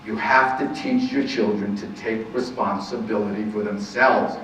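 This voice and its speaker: A man's voice: fairly low pitch, fairly even intonation, moderate pace, a bit bright, slight background noise. A man counselor giving an earnest talk on parenting to an audience, repeating key points and asking rhetorical questions. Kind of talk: lecture to a live audience. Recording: very echoey, distant, muffled room recording.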